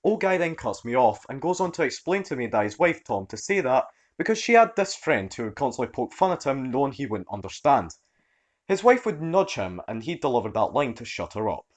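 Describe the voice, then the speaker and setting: A man narrating online stories with a mid-pitched voice that moves with lively, wide swings. His delivery is expressive and animated. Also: a little fast. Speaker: story narrator.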